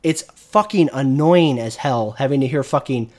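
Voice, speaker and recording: A male streamer rants through a casual gaming commentary, swearing freely and restarting his sentences as he vents. His voice sits at an ordinary middle pitch. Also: normal speed, few pauses, darkish tone. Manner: profane, ranting.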